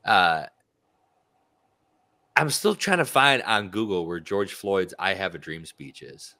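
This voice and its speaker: A man's voice: deep voice, expressive, slow pace, bright, forceful tone. A man co-hosting a political talk show, ranting with indignant sarcasm.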